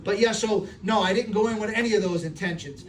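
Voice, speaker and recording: A middle-aged American man answering audience questions in a live Q&A, earnest and streetwise, telling stories with quick acted voices. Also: high-pitched. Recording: distant room recording with faint noise.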